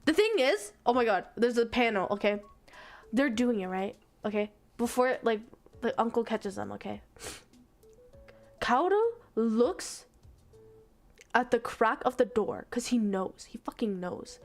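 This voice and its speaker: Exasperated young woman streamer, high voice. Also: unhurried, pauses often, soft background music. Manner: exasperated, animated retelling with lots of swearing. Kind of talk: casual stream chat.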